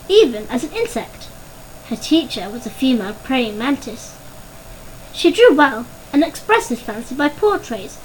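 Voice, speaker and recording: A woman reading a children's storybook aloud in an expressive, measured way. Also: sits high, a little hiss or hum, low-quality recording. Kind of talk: storybook narration.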